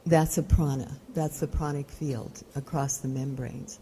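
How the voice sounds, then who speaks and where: A woman with a low voice gives a live yoga lecture to an audience. She explains terms and stops to put questions to the room. A faint noise sits under the recording. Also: fairly even intonation, measured pace, mellow. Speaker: yoga teacher giving a lecture.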